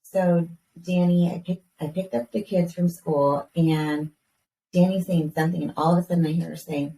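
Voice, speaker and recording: Animated mom telling a story, roomy distant sound. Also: female voice, lowish voice, normal speed. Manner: animated storyteller, swears casually, acts out her kids' voices. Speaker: podcast co-host. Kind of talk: casual chat, storytelling. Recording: roomy, distant mic with faint background hiss.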